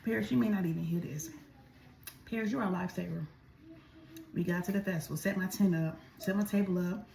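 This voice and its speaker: A woman's voice: fairly low pitch, fairly quick, vocal fry, long pauses, mellow, a little hiss or hum. A woman vlogger telling a story in a chatty, casual way while she eats, speaking straight to her viewers. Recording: echoey room.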